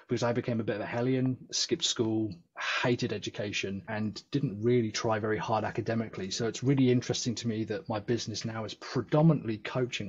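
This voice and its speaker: A man's voice: mid-range voice, a little mellow, breathy edge, highs cut off. An English man, a podcast guest, chatting casually and joking over a video call. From England. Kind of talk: casual interview chat.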